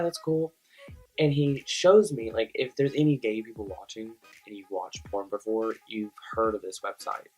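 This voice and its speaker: A young man telling a casual storytime, animated and full of filler words. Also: lowish voice, husky, poor audio. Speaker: vlogger.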